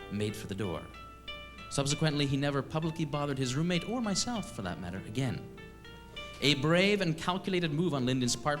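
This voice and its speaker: A man from eastern Canada telling a comic story on stage, with a wry, deadpan, self-mocking delivery. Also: on the high side. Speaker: comedian storyteller. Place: stage at a live show.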